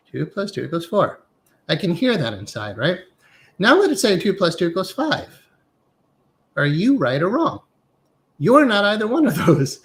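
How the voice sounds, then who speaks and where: A man's voice: a little high, fairly bright tone. A middle-aged man, a hypnotherapy instructor, giving a live-streamed spiritual lecture in a reflective manner, often checking in with "right?" and leading inner exercises. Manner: reflective, frequently asks "right?" and uses guided inner exercises.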